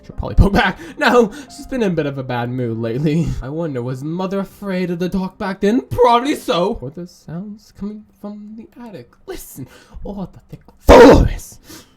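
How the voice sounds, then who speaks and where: High, lively, swearing gamer. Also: male voice, normal speed. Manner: profane, rambling, jokey asides. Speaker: gaming YouTuber. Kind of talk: let's play commentary, reading game text aloud. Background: faint game music.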